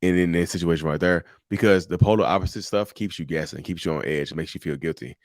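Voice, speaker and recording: Brief: a deep-voiced man hosting a live show, animated, chatty, jokes and laughs, dry close sound. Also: fast talker, few pauses, no echo. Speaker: show host. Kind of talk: casual live talk show chat.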